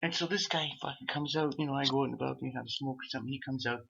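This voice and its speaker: A man's voice: medium pitch, racing, creaky, bright, forceful tone, slight background noise. A man telling a rambling, profane story, swearing often and laughing at himself. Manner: swearing, laughing at own stories. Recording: dull lo-fi audio.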